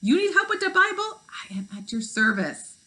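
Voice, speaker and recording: A woman voicing a pompous holographic old German printer, with a put-on German accent, loud and slow. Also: sing-song, heavily acted, poor audio. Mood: grand. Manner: loud, slow, grandly booming.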